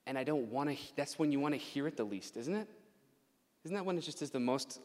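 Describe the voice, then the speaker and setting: A young man preaching as a youth pastor, conversational and animated, laughing and acting out asides. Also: on the high side, a little fast, pauses often. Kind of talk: sermon. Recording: long hall reverb.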